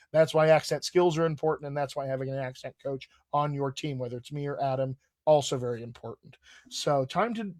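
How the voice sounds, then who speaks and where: A man hosts a live online Q&A as a dialect coach, talking in an upbeat, chatty way with plenty of ums and uhs. His voice sits a little high. The sound is dry and close, with no room echo. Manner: upbeat, chatty sign-off with frequent fillers. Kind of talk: live video Q&A chat. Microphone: video call.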